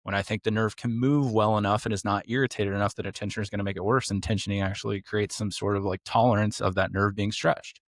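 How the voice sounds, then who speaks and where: Talking quickly with hardly a pause, this clinic owner and podcast host has a fairly low, fairly even voice and is blunt in a casual clinical chat. Rhetorical questions come up again and again, each answered by him. The audio is dry and close to the mic.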